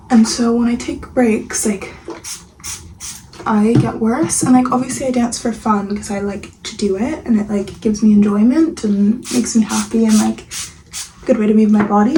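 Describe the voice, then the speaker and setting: In a home vlog, a young woman chats casually while moving between the kitchen and getting ready, rambling with plenty of fillers and sometimes slipping to a near-whisper. Her voice is a little high and soft, and the low-quality recording has a faint hiss or hum plus audible room ambience.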